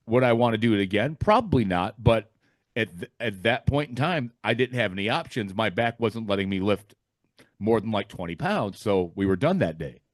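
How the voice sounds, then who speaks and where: A man in a casual DJ roundtable, telling stories in a relaxed, candid way. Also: on the low side, moderate pace, dry recording. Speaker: DJ guest. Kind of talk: casual online roundtable chat.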